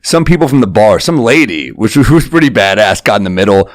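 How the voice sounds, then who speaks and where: A comedian hosting a casual chat, telling an animated, swear-filled story and acting out the quotes. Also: male voice, fairly low pitch, fast, dry recording. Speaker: comedian and host.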